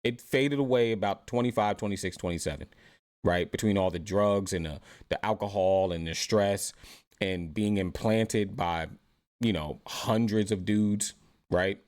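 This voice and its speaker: Low-voiced man ranting in commentary. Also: unhurried, a little mellow. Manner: rambling, repeats "right?" often. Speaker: commentary host. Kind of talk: reaction commentary.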